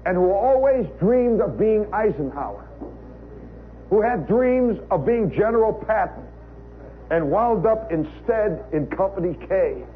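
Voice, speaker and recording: A man's voice: sits high, expressive, measured pace. An American man telling a humorous story in a wry, conversational way, full of asides, on a live radio show. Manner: wry, conversational, with frequent "you know" asides. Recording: tinny 1960s radio broadcast recording, faint hiss.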